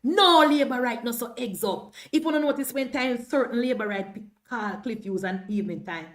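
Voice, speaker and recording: A woman's voice: fairly high pitch, moderate pace. A Jamaican woman in her thirties giving impassioned political commentary on a livestream, slipping into patois as she talks. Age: 30s. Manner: impassioned, mixes patois into speech.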